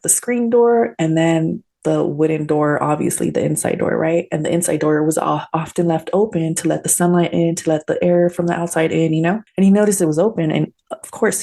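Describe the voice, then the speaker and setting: A woman's voice: lowish voice, gravelly, warm tone. A woman hosting a podcast, telling a personal story in a candid, earnest, conversational way with lots of fillers. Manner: candid, conversational, many fillers and tag questions; earnest, emotionally open. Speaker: podcast host.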